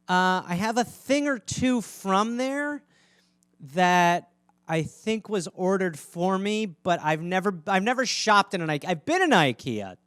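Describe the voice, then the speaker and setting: A man in his thirties riffs through a solo podcast in a casual, joking ramble. His voice is high and clean, recorded close with a completely dry sound. Now and then he breaks into quick, squeaky character voices. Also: fairly bright tone, smooth, no echo. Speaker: podcast host.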